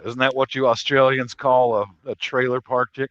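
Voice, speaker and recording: A man's voice: medium pitch, little pitch movement, normal speed, a bit bright, dry recording, lo-fi sound. An American man in casual chat, blunt and profane, speaking in a dry, offhand way. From United States.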